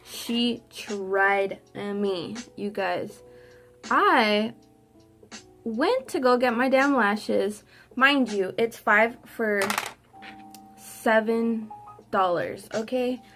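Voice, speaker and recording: A young woman vlogger telling a sassy, animated storytime while doing her makeup. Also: a little high, drawn-out words, long pauses, faint music behind. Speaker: beauty vlogger. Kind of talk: get-ready-with-me storytime.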